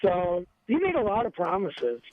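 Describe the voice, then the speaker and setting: A man's voice: high-pitched, very animated, moderate pace. A man calling in to a talk radio show, hesitant and sarcastic. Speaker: caller. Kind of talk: phone-in call to a talk show. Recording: tinny phone line.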